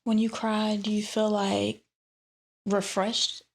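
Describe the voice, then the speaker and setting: A woman's voice: medium pitch, completely flat delivery, takes it slowly, gravelly. A woman hosting an interview, asking short, curious questions and offering brief acknowledgements. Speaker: podcast host.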